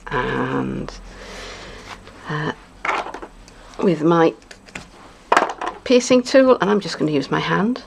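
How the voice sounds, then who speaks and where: A woman's voice: low voice, very animated, slow, creaky, long pauses, background noise. A woman demonstrating card making in a casual craft tutorial, chatty and thinking aloud with playful asides. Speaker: papercraft demonstrator.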